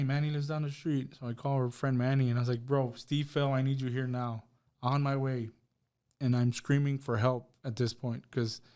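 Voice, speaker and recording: A man's voice: medium pitch, dark tone. A man sharing a personal testimony on a podcast, telling of a loss with emotion and acting out what each person said. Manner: emotional storytelling, acts out dialogue. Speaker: podcast guest.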